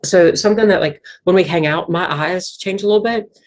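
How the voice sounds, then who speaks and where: Low-pitched woman w/ virginia foothill appalachian accent, rambly casual interview chat, lots of likes and restarts. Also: fairly quick, a little mellow. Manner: rambling, many fillers and restarts. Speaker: guest musician.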